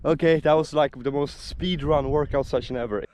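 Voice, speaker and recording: A man's voice: on the high side, fairly even intonation, moderate pace, a little mellow. A young man narrating his vlog to a handheld camera, chatty and rambling with plenty of fillers. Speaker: vlogger.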